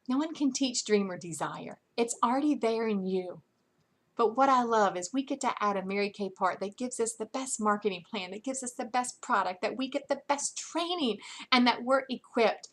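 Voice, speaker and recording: A woman's voice: a little high, lively intonation, normal speed, a bit bright. A woman talking to her sales team in an upbeat, chatty, encouraging way from bed, with plenty of ums. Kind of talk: casual direct-to-camera update. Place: in bed at home.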